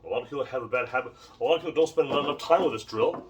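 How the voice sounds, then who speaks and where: A man's voice: mid-range voice, rapid-fire, dull audio. Rambling male martial arts teacher, distant mic. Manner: rambling, repeats words, emphatic. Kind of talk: casual demonstration lesson. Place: home training space.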